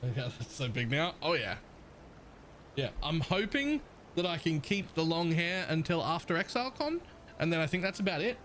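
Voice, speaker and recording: A man's voice: a little high, expressive, normal speed, a bit bright, slight background noise, poor audio. A man with a partly Australian accent, chatting casually as a live streamer, rambling, laughing often and swearing.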